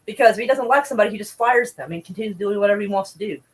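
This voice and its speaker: A woman's voice: medium pitch, rapid-fire, rough recording. A woman streaming casual news commentary, blunt and profane, chatting with viewers between headlines.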